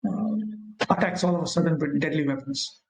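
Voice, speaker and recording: A man leads a scripture lesson. He chants verses slowly and explains them with frequent pauses and fillers. His slightly high, gravelly voice rings in an echoey room. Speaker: scripture teacher. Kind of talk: scripture class lecture, reading and explaining verses.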